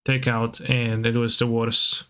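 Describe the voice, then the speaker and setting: Unhurried and completely flat, this man's smooth, fairly bright mid-range voice carries casual stream chat as he plays a card game. He talks to viewers loosely and breaks out in goofy, sing-song noises for fun.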